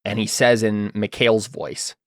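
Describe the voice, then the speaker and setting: A man's voice: fairly low pitch, flat delivery, unhurried, a bit bright, dry recording, clean studio sound. A man narrating as game master in a tabletop game, laughing often.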